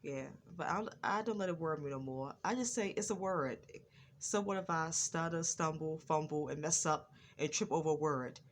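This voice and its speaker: A woman vlogger talking slowly and carefully in a casual personal monologue, with a stutter and a lot of repetition. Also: sits low, a little hiss or hum.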